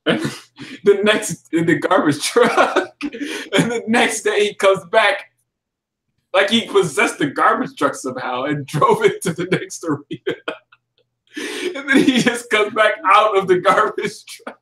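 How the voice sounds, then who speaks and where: Blunt joking man, slightly high voice. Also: lively intonation, a little slow, sharp tone. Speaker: podcast co-host. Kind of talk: casual wrestling chat.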